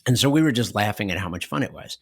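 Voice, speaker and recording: A middle-aged man with a low voice, co-hosting a podcast and telling anecdotes with animated energy, often breaking into laughter. The sound is dry and close, with no room around it. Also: rapid-fire, breathy edge, dry recording. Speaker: podcast co-host. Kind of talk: conversational podcast discussion.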